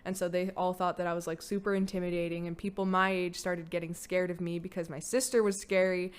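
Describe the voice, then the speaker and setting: A woman's voice: on the low side, little pitch movement, fast, clear, resonant tone. A young woman telling her own story on a podcast, candid and casual, full of "like" fillers and blunt swearing. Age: young adult. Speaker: podcast guest, host's daughter.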